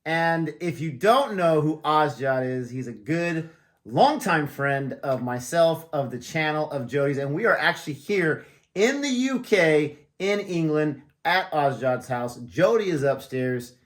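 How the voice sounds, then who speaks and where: An American man who runs a reaction channel jokes around and chats casually with a friend at the friend's house, laughing often. His voice is fairly high, animated and unhurried.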